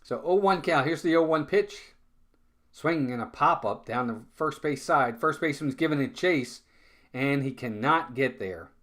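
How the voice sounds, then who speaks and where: A man's voice: fairly high pitch, lively intonation, moderate pace, a bit bright. A man calling live baseball play-by-play in a casual, chatty way, often repeating words and talking to his viewers. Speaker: fan play-by-play streamer.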